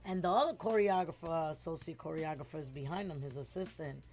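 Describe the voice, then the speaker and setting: A middle-aged woman, telling a lively story as a guest in a casual interview and acting out the voices of the people in it. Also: low-pitched, fairly quick, faint music behind. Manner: animated, acts out quoted voices, switches between English and Spanish words.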